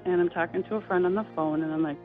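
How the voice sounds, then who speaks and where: A middle-aged woman earnestly telling a personal story as a guest, slipping into higher voices when she quotes people. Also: rapid-fire, faint music behind. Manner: earnest, lively quoting of dialogue with high acted voices. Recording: tinny phone-like line.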